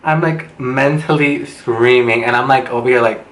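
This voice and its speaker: A young man telling a storytime vlog, animated and swearing, acting out what people said with big jumps in pitch. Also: normal speed. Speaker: vlogger. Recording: echoey room with faint background noise.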